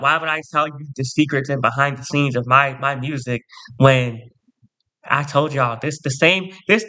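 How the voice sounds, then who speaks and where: A man's voice: on the high side, pushed and bright. A man telling a profane, sassy storytime rant to camera as a vlogger.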